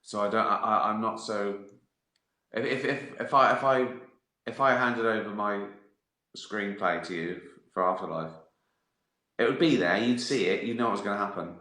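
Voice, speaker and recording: A man with a fairly low voice and a sharp, bright edge chats casually on a livestream. He rambles and mocks himself, drifting from one tangent to the next. The sound is roomy, with noticeable echo. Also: moderate pace. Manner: rambling and self-mocking, full of tangents. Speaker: comedian chatting live to viewers. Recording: roomy echoey room.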